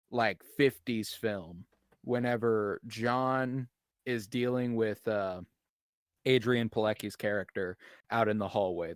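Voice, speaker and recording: A man's voice: on the low side, dry recording, studio quality. A man co-hosting a podcast, talking about movies in a chatty, enthusiastic way. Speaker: podcast co-host. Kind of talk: casual movie discussion.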